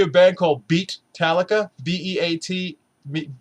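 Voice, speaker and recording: A man's voice: sits high, steady tone, normal speed. A man recording a casual motivational vlog, blunt and earnest, swearing often as he urges viewers to go easy on themselves. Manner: blunt, heavy swearing, earnest pep talk. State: three months after surgery. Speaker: weight-loss vlogger.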